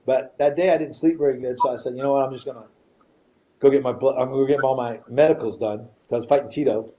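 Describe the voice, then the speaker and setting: A man's voice: medium pitch, fast talker. A middle-aged man on a podcast, telling a story in casual, profane talk and acting out the people in it. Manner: profane, animated, quotes people in his stories. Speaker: podcast guest. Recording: slightly dull podcast audio, faint noise.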